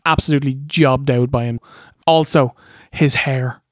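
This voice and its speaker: A man's voice: medium pitch, steady tone, moderate pace, no room sound, studio quality. A man co-hosting a podcast, bantering and mocking with rambling asides. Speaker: podcast co-host. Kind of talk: casual banter.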